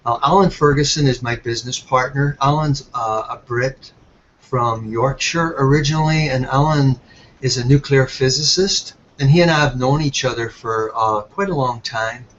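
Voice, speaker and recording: A man's voice: mid-range voice, normal speed, a bit bright. A man with an Irish accent giving a friendly, rambling talk full of fillers on a webinar. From Ireland. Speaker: presenter on a webinar. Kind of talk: casual talk. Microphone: computer mic on a web call. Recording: dull web call audio with faint noise.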